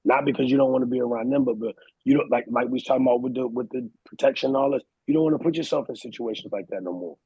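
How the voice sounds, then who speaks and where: Gravelly husky guy chatting on a podcast, slangy and animated, dry close sound. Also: mid-range voice, very fast, no room sound, highs cut off. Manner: animated, slangy, storytelling with quoted voices. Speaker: podcast host. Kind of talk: casual chat.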